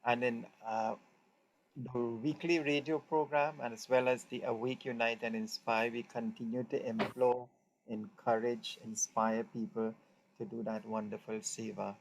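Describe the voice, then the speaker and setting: A man's voice: medium pitch, level tone, a little slow, vocal fry, low-quality recording. A man hosting a devotional interview, formal and earnest in his praise. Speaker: host.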